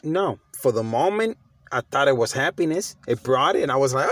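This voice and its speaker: A man's voice: fairly high pitch, expressive, brisk, dry recording. Emphatic middle-aged man, dry sound. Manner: emphatic, repeats himself, stumbles over restarts; slangy, conversational. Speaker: motivational vlogger. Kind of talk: casual motivational talk.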